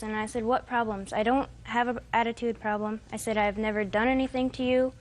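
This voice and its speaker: A woman's voice: fairly high pitch, little pitch movement, normal speed. A woman in her twenties giving testimony as a defendant in court, rambling and hesitant, quoting what others said. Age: 20s.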